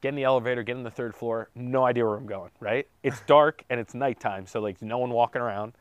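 A man's voice: medium pitch, fairly even intonation, quick pace, clean tone, dry recording, lo-fi sound. A man casually telling a long, rambling personal story with jokes and self-corrections on a podcast. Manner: rambling, self-correcting, joking, with light laughs. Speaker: podcast co-host telling his daughter's birth story.

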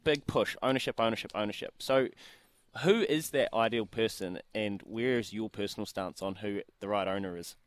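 A man's voice: on the low side, moderate pace, dry recording. A man with a New Zealand accent, a breakfast radio host who asks questions with an upbeat presenter delivery. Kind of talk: radio hosting and interviewing.

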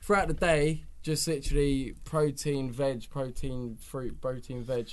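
A young man chatting as a podcast guest, excitable and quick to laugh and shout back when teased. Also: medium pitch. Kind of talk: casual chat.

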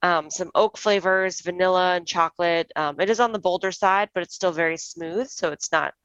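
A woman's voice: lowish voice, moderate pace, a bit bright, smooth, no echo, lo-fi sound. A young woman co-hosting a podcast, chatting casually and recommending a wine with lots of fillers. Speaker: podcast co-host.

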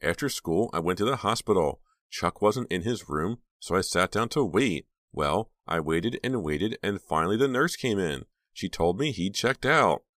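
A man voicing an excitable teenage girl who talks breathlessly and impatiently. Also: low-pitched, moderate pace, few pauses, no room sound, studio quality, pitched above the performer's own voice.

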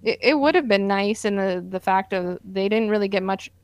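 A woman's voice: mid-range voice, normal speed, clean tone, dry recording. Tired, hesitant woman co-host. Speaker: podcast co-host. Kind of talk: casual podcast chat.

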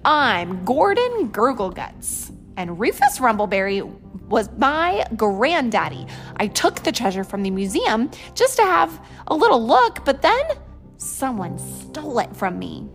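A woman's voice: very animated, measured pace, soft background music. A woman voicing a frantic male pirate who has been tied up, shrieking for help in a storybook reading. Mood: boastful. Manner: shrieking, high and loud.

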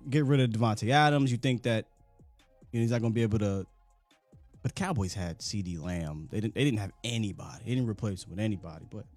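A man's voice: medium pitch, dry recording. A man hosting a live fan call-in show, chatting casually and talkatively with callers. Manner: animated, talkative, quick asides.

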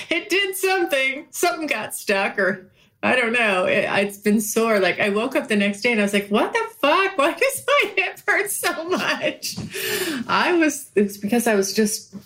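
A woman hosting a podcast, talking frankly and profanely in a casual monologue and laughing often. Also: medium pitch. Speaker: podcast host.

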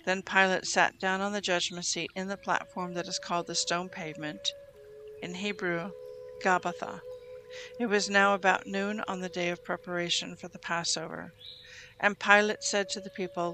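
Measured scripture reader over music. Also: medium pitch. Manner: steady, measured reading with quoted lines read plainly. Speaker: Bible reading host. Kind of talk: scripture reading. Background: music bed under the reading.

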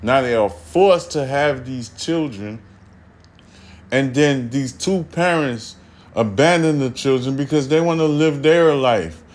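A man's voice: medium pitch, unhurried. A man hosting a podcast, ranting casually with heavy swearing and slightly slurred, tipsy speech. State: slightly drunk. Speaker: podcast host. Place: studio room behind glass.

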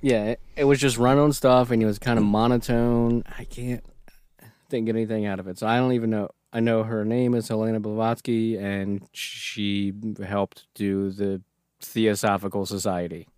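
A man's voice: lowish voice, steady tone, normal speed, darkish tone, clean tone, no echo, studio quality. A man in his thirties co-hosting a podcast, talking in a laid-back way and chuckling often. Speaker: podcast co-host. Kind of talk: casual chat.

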